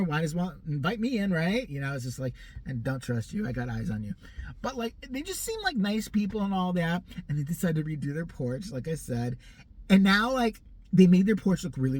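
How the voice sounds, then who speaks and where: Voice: medium pitch, darkish tone. A vlogger in their forties ranting comically, sarcastic and profane, often laughing. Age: 40s. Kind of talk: comic rant.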